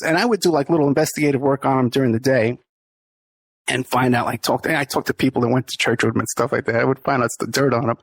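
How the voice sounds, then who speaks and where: A man's voice: medium pitch, husky, no echo. A middle-aged man, the podcast host, telling a story in a casual interview, laughing often and acting out the people he quotes.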